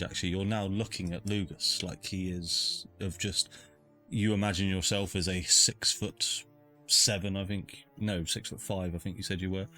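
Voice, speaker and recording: A man's voice: fairly low pitch, bright, forceful tone. A man narrating a tabletop game as game master, chatty and descriptive with plenty of fillers. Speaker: dungeon master.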